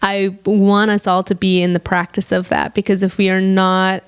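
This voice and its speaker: Woman co-host, sincere storyteller with a slightly gravelly voice, shifts into whispers for effect. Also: medium pitch, level tone, normal speed. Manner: earnest storyteller, acts out quoted voices, drops to soft whispers. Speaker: podcast co-host. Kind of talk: casual reflective chat.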